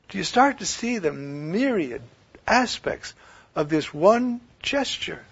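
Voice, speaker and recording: A man preaching a sermon, swinging from loud declaiming to hushed near-whispers. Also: high-pitched, big pitch swings, takes it slowly, creaky, slightly rough. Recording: dull lo-fi recording.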